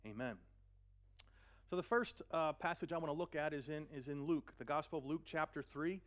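A man's voice: fairly high pitch, fairly even intonation, a bit bright. A man preaching a sermon, earnest, often repeating a word as he gathers his thoughts. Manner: earnest, repeats words while searching, slows for scripture. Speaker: pastor.

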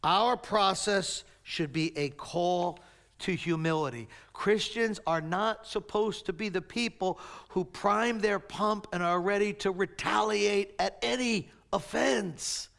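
A man preaching a sermon, swinging between raised emphatic lines and quiet low asides. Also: slow pace, gravelly. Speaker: pastor.

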